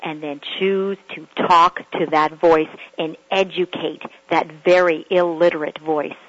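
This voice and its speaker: Motivational woman coach, earnest and questioning, slightly breathy tone over a muffled radio recording. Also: deep voice, little pitch movement, unhurried, fairly bright tone. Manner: earnest, repeats rhetorical questions. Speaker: personal coach. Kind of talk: motivational teaching talk.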